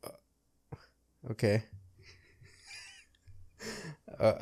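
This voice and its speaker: A man's voice: very slow, mellow, no room sound, clean studio sound. A young man co-hosting a podcast, teasing his friend, laughing often and swearing casually. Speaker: podcast co-host. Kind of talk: casual chat.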